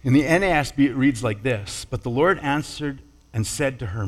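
Guy preaching a sermon, slow and deliberate, big echoey hall. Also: medium pitch, expressive. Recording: long hall reverb.

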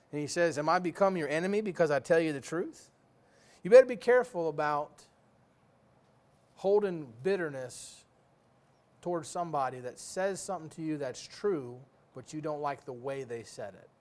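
A man preaching a sermon in a folksy, joking way, full of rhetorical questions. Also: on the high side.

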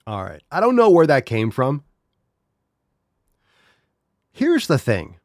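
A man's voice: on the high side, huge pitch swings, slow pace, a little mellow, dry recording, clean studio sound. A man hosting a podcast in casual, exasperated commentary. He swears freely and talks straight to his audience. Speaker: podcast host.

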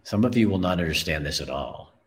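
A man's voice: sits low, lively intonation, fairly quick. A middle-aged man, host of his own show, telling a personal story in an earnest, emotional way and often repeating words.

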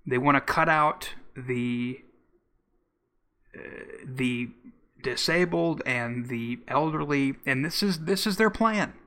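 A man from Oklahoma hosting a podcast, commenting casually in a loose, halting way with repeated words. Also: mid-range voice, bright, forceful tone. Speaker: podcast host.

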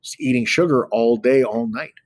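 A man's voice: medium pitch, moderate pace, no room sound, close to an everyday voice. A man doing lazy, offhand villagers. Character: lazy sugar-fed villagers, drowsy.

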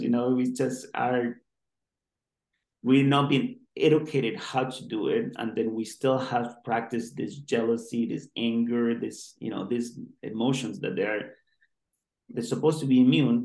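A man's voice: medium pitch, steady tone, normal speed, gravelly, darkish tone. A male doctor being interviewed, who talks in an earnest, rambling way with many restarts. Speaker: guest doctor. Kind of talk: interview conversation. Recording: roomy echo.

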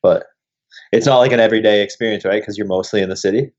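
A young man with a lowish voice tells animated, expletive-laced stories as a podcast guest. The sound is dull and lo-fi, with the top end muffled. His delivery is loose and conversational. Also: fast. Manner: swears freely, animated anecdotes. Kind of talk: casual storytelling chat. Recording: dull lo-fi recording.

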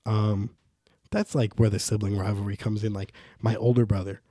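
Podcast host, young man, low mellow voice, rambling casual monologue, dry close recording. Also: moderate pace, no room sound. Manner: rambling, animated when quoting others.

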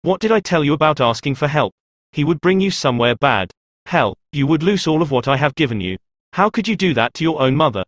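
A man voicing a cruel, abusive demonic mother who scolds and accuses her child in a dark audio story. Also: a little high, lively intonation, fairly quick, no echo. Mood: scolding.

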